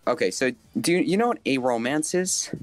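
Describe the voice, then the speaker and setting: A man's voice: mid-range voice, expressive, brisk, dry recording. A nervous man calls in for advice and halts often as he speaks. His voice sounds dry and close, with faint music under it. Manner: nervous, hesitant, restarts sentences. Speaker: caller. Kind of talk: call-in conversation.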